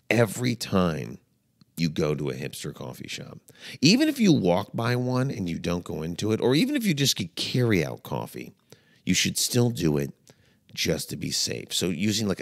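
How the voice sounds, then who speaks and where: A man hosting a comedy podcast, delivering a playful, mock-dramatic monologue. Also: gravelly. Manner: playful, mock-dramatic, swings between low mutters and high exclaims.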